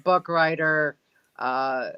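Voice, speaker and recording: A man from Michigan, a guest who runs paranormal events, speaking haltingly with many fillers and restarts. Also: on the high side, smooth, dull audio. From Michigan, USA. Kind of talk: casual interview chat.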